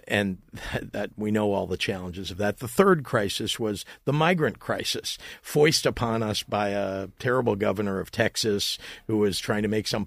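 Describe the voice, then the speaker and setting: A man's voice: lowish voice, vocal fry, slightly rough, no echo, clean studio sound. A middle-aged man, a state governor, answering interview questions emphatically, often restarting and repeating words.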